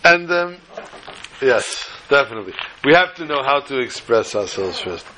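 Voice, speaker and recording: A man's voice: medium pitch, very animated, moderate pace, bright, forceful tone, slight background noise. A man giving a storytelling talk to a small gathering, folksy and fond of joking asides.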